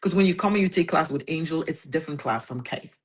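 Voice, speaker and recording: A woman's voice: deep voice, fast talker, husky. A woman with a French accent, hosting a casual podcast conversation and making her points emphatically in repeated lists. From Caribbean. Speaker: podcast host.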